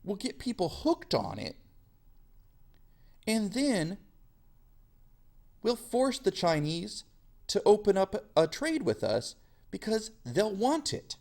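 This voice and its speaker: A man's voice: high-pitched, sing-song, slow pace, vocal fry, long pauses, a little mellow, voice pushed up, exaggerated voice. A man voicing a smug, scheming British imperial trader in a breezy, cynical tone while teaching.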